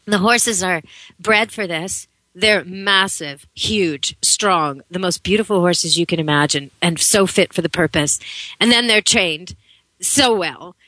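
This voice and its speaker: A middle-aged woman hosts a radio show, chatting in a lively storytelling manner. Her voice is bright and forward. The sound is dry and close, with no room around it. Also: lowish voice, a little slow, no room sound, rough recording. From Canada. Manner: chatty, animated storytelling with laughs. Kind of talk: casual chat on air.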